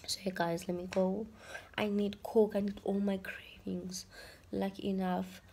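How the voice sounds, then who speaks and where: A young woman vlogging from her bedroom, tired and emotional, talking softly and sometimes dropping to a whisper. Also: medium pitch, flat delivery, measured pace, gravelly, slight background noise. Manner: tired, emotional, soft-spoken, drifting to a whisper. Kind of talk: casual vlog talk to camera. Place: bedroom at home.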